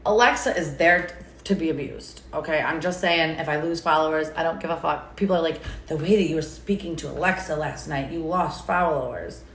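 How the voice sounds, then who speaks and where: A woman's voice: deep voice, a little fast. A woman chatting casually on a live stream, rambling and sarcastic and swearing freely. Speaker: TikTok creator. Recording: echoey room, faint background noise.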